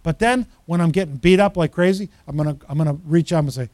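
A man preaching a sermon as pastor, animated and storytelling, acting out the voices of the people he quotes. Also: fairly high pitch, fast, no room sound.

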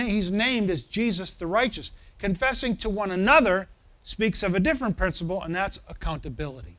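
A man's voice: high-pitched, fairly bright tone. A man preaching a sermon as pastor, building to emphatic swells and checking in with the congregation through questions.

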